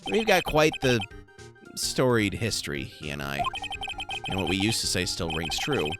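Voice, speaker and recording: A man's voice: deep voice, huge pitch swings, moderate pace, over music. A woman voicing a dry, wry young male lawyer narrating in a video game.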